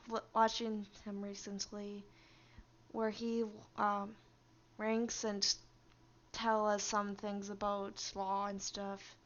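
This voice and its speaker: A woman's voice: medium pitch, a bit bright, highs cut off. A woman streamer chatting casually on a live stream, rambling and easily amused.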